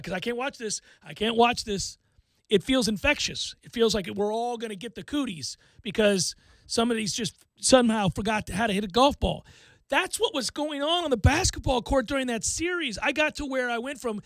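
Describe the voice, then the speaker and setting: Male sports radio host, high voice, excitable, acts out what people say, dry close studio sound. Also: fairly quick, no echo. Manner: excitable, acts out quotes, laughs often. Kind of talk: animated sports talk.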